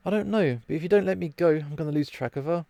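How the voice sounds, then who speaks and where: A man's voice: fairly high pitch, fast talker, gravelly, mellow, dry recording, voice pushed up. Brief: man reading a blunt, scornful reindeer girl from a visual novel, cutting and dismissive. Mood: harsh. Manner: blunt and mocking. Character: blunt, sharp-tongued female reindeer sister.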